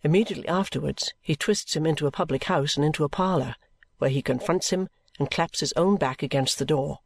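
A male audiobook narrator reading a classic novel in an even, measured storytelling manner. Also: on the high side, no room sound.

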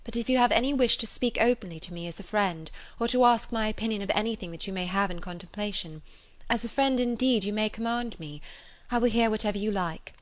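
An eager young gentlewoman, as a woman reader puts her on, lifting her voice brightly above the narration. She pleads and hurries with lively warmth in a storybook reading. The sound is dry. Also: mid-range voice, no echo, lightly acted. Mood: earnest. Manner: eager, raised and quick to plead.

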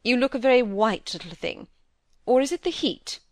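A woman's voice: a little high, expressive, dry recording, studio quality, pitched above the performer's own voice, close to an everyday voice. A woman voicing an authoritative elder aristocratic lady who speaks with command. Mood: concerned. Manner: commanding, brisk.

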